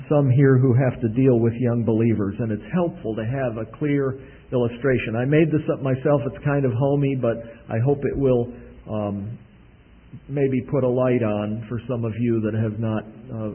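Husky guy preaching, telling a homey story, keeps clearing his throat, sounds like an old phone recording. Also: medium pitch, phone-quality sound. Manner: homey storytelling, voices characters in the anecdote. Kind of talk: sermon with a told illustration. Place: church service.

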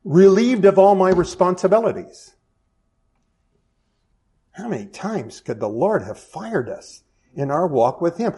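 A man's voice: high voice, very animated, measured pace, long pauses, mellow. A middle-aged man preaching a sermon as pastor, conversational, with self-deprecating asides and frequent restarts.

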